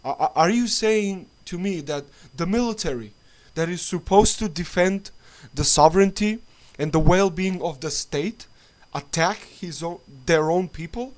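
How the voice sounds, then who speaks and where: A man vlogging an angry political rant, swearing often and stumbling through restarts. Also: high voice. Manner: angry, profane, halting with restarts.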